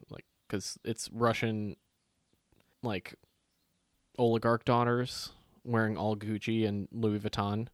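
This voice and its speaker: A man's voice: fairly low pitch, flat delivery, measured pace, no room sound, clean studio sound. A man, co-hosting a casual chat and telling stories animatedly, swearing freely and acting out other people's lines.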